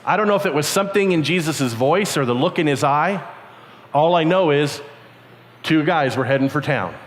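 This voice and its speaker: An older man giving a storytelling sermon to young people at a camp, acting out the characters in animated voices. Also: normal speed. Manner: animated, acts out characters with squeaky high voices. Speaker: camp speaker. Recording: long reverb, faint background noise.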